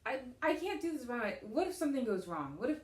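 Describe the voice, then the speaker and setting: A woman's voice: fairly high pitch, sing-song, fast. Teen girl playing a jittery young male grad student. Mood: anxious. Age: late teens. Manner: anxious stammering, restarts. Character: nervous young male graduate student, ambitious. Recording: noisy home video recording.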